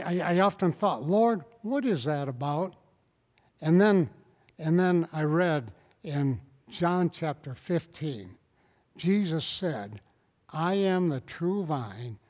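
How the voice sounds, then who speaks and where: A man with a notably high voice preaches a sermon, his words ringing out with a long hall reverb. He preaches with animated emphasis, climbing into loud, pointed bursts and peppering his points with rhetorical questions. Now and then he calls out to someone in the congregation by name. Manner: addresses congregation members by name.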